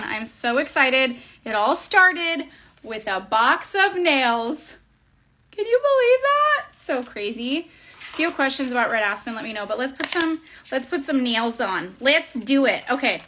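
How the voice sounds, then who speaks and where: Woman, 30s, from Southern California; high, bright, bubbly vlogger voice, chatty and gushing, filmed at her desk on a tripod camera. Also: a little hiss or hum. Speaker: nail tutorial vlogger. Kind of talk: casual chatty tutorial. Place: home desk area, indoors.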